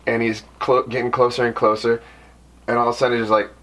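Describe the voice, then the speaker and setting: A man from the Bay Area telling a story in a relaxed, rambling way, often saying "you know". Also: mid-range voice, fast talker, distant mic. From Bay Area, California. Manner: laid-back, rambling, drops in "you know". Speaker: band member, podcast co-host. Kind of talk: casual storytelling chat. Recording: voice from off the mic with faint background noise.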